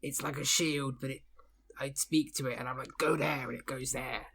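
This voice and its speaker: Gravelly-voiced, hesitant tabletop player. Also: mid-range voice, fairly even intonation, normal speed, fairly bright tone. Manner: hesitant, filler-heavy, playful. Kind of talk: tabletop game play.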